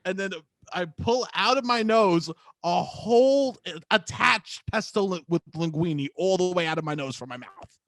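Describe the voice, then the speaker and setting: A young man co-hosting a podcast, telling stories in a loud, profane, swinging way. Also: a little fast, no room sound. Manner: loud, profane, storytelling with big pitch swings. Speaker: podcast co-host. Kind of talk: casual chat.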